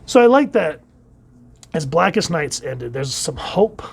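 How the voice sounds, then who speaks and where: A man's voice: fairly high pitch, big pitch swings, a little slow, gravelly, breathy edge. Casual male comic reviewer. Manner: conversational, trails off quietly at phrase ends.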